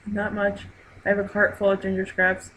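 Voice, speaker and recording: Casting note: woman host, bright clear voice, chatty and laughing, live stream chat. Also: mid-range voice, completely flat delivery, normal speed, slight background noise, rough recording. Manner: chatty, laughs often, reads chat aloud.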